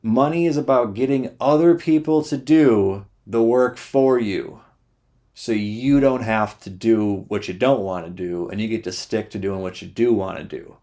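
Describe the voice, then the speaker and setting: A man's voice: fairly low pitch, measured pace, dark tone. Blunt, sweary man ranting. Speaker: YouTuber. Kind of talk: sarcastic ranting monologue.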